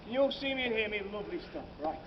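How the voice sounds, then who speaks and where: This ghost walk tour guide has a high, expressive voice and talks at a racing speed, distant from the microphone. Outdoors on city streets at night, he jokes theatrically with his group, addressing them as sir and madam, while loud street noise fills the lo-fi recording.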